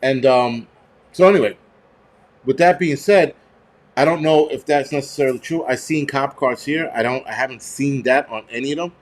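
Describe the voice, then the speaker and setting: A man's voice: mid-range voice, normal speed. A man, hosting a prepper channel and telling stories in a heated, profane, rambling rant. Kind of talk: casual ranting monologue.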